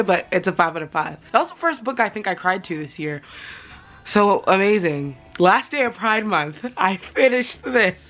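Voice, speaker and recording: A young woman vlogging about books she read, emotional and gushing, talking in quick excited bursts. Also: on the low side. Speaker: book vlogger. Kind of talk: casual reading vlog chat.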